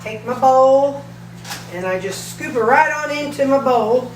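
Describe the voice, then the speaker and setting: A woman's voice: high-pitched, lively intonation, unhurried, recorded from a distance, slight background noise. A woman, chatting casually in a home kitchen as she cooks, folksy and talkative. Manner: chatty, folksy, talks while cooking. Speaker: weight-loss vlogger. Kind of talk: casual cooking vlog. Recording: echoey kitchen with faint sizzling.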